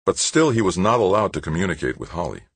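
A man narrating an audiobook in a steady, measured reading. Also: deep voice, breathy edge, dry recording. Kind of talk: scripted narration.

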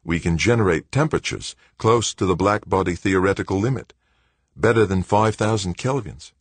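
A serious young factory director with a light Australian accent, voiced by a man raising his pitch well above his own in an audiobook, earnest and matter-of-fact as he explains how things work. The voice is noticeably lighter than the narration around it, in a dry, close recording. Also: normal speed, slightly rough, no room sound. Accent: Australian, slight. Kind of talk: audiobook character voice.

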